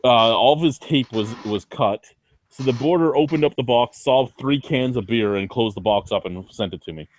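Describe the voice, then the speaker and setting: A male host running a relaxed beer chat with friends. He talks in an easygoing, chatty way at a middle pitch. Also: normal speed. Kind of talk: casual group chat.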